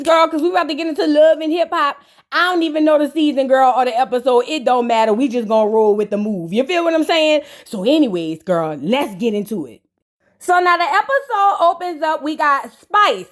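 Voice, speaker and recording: Sassy high-voiced woman gossip host. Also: expressive, a little fast. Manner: sassy, gossipy, keeps calling the listener "girl"; blunt roasting asides. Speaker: reality TV reaction host. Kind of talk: casual reaction commentary.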